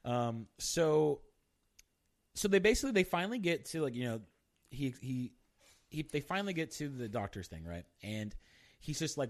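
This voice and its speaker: A man's voice: medium pitch, very animated, moderate pace. A man co-hosting a podcast in casual chat, rambling with lots of "you know what I mean" and filler. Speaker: podcast co-host.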